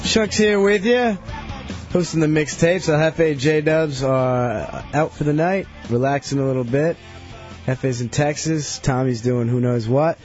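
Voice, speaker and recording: A slightly higher-voiced man welcoming listeners back to a radio show in an upbeat announcing manner. Faint music plays behind him, and the broadcast sounds dull and lo-fi. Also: measured pace, a little mellow. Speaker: radio host.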